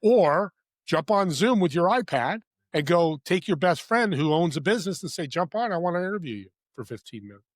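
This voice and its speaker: A man's voice: sits high, sing-song, a little fast, no echo. A man talking as an interview guest, telling stories with eager emphasis in casual chat. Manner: enthusiastic, storytelling, emphatic. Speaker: podcast host and guest.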